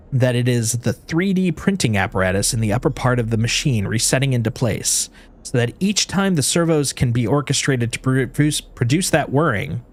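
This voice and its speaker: A man streaming a story game, reading its narration aloud with expression and breaking off for playful asides. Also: mid-range voice.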